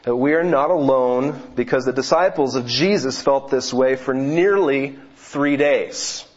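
A man's voice: medium pitch, measured pace. A man preaching a sermon, telling a joke as a story before turning to scripture, with occasional self-corrections. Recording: dull, lo-fi recording.

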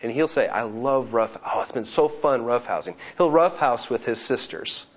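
A man in his thirties preaching a sermon, earnest and with lively asides. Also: medium pitch, moderate pace. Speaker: pastor. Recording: slightly dull lo-fi sound.

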